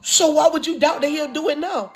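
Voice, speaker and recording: A woman's voice: high voice, brisk, over music. A woman who is a mother performing spoken word poetry with impassioned, preaching cadence and repeated refrains. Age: adult, a mother. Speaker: performing poet.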